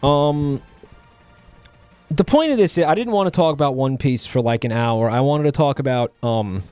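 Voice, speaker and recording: Guy streaming, just rambling to chat, lots of um and like, kinda dry and sarcastic, music low in the back. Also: animated, darkish tone, clear, resonant tone, no room sound. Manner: rambling, halting, with many fillers and restarts; offhand and sardonic. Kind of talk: casual live-stream chat.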